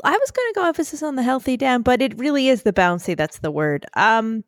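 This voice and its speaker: A woman co-hosting a podcast in casual chat, animated and slightly breathy, recording from a makeshift spot in a puppy pen. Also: a little high, a little fast, no echo, clean studio sound. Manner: animated, keeps addressing her co-host by name, acts out quotes. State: a little breathy. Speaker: podcast co-host.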